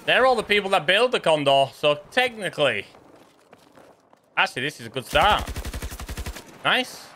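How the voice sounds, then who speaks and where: A man's voice: a little high, sing-song, normal speed, sharp tone, slight background noise. A young man chatting casually and rambling with jokey asides while live-streaming a shooter game.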